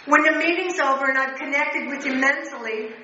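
A woman's voice: sits high, a little fast, bright, forceful tone. An older woman speaking earnestly and bluntly about recovery to a meeting, heard from a distance in a large room. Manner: emotional, earnest, blunt with profanity. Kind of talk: personal recovery talk. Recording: distant, echoey, muffled hall recording.

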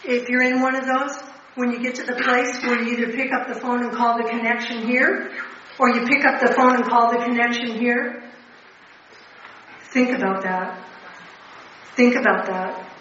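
An older woman speaks with raw, blunt earnestness to a recovery meeting, her voice bright and a little high. She sits well back from the microphone, so the sound is dull and muffled. A long, heavy echo fills the big room around her. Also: flat delivery, fairly quick, slight background noise. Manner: emotional, earnest, blunt with profanity. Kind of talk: personal recovery talk. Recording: distant, echoey, muffled hall recording.

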